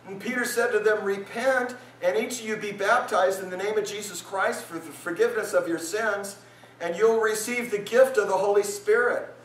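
A male pastor preaching a lively sermon at a men's retreat, his voice climbing when he acts out the crowd. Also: normal speed. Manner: animated, voice rises high when acting out listeners. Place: conference hall at a retreat. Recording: roomy hall sound, mic from a distance.

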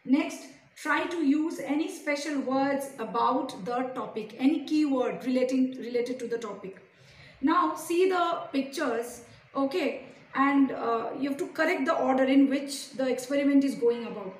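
A woman teacher giving a slow, deliberate lesson to young pupils, asking them many questions. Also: sits high. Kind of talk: recorded classroom lesson. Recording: echoey room, distant mic, faint hiss.

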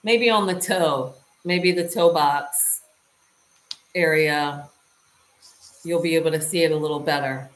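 A woman with a lowish voice talks her viewers through a hands-on demonstration at an unhurried pace, checking in with them as she goes. The sound bounces around a roomy, echoey space. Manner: chatty, talks to viewers while working. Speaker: lifestyle vlogger. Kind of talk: casual how-to demonstration. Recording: roomy echo.

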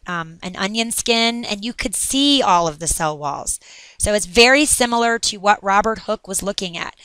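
Woman teacher recording a lesson, upbeat and chatty, with a smooth, crisp voice. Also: mid-range voice, pushed and bright, no echo.

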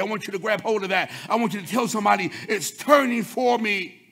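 High-voiced, gravelly man. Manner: preaching, swinging from loud chanted shouts to low quick murmurs. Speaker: pastor. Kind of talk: sermon.

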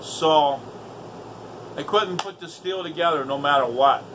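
A man's voice: a little high, measured pace, noisy background. A man telling a story in a casual, exasperated rant, swearing constantly. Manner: heavily profane, exasperated. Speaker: vlogger.

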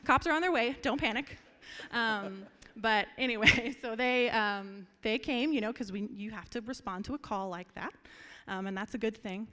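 A young woman giving a memorial speech, telling lively anecdotes with frequent laughter before turning earnest. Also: medium pitch, moderate pace, hardly any pauses. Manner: lively storyteller, laughs often, turns earnest. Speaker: family member giving a eulogy. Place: memorial gathering hall. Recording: reverberant hall.

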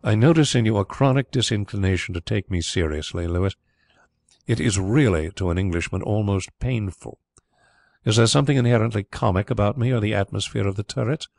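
A man voicing a calm, dryly ironic gentleman detective in an audiobook, speaking in a measured way. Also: on the low side, creaky, no echo.

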